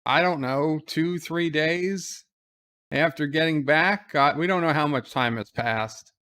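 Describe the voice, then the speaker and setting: A man's voice: a little high, unhurried, pushed and bright, clear, resonant tone. A man giving casual live commentary on an episode, retelling scenes by quoting lines.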